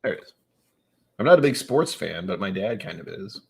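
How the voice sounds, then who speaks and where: A man from New England chatting casually on a live stream. He reads out viewer comments and rambles along with wry, sudden animated asides. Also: deep voice, a little fast, creaky, slightly rough.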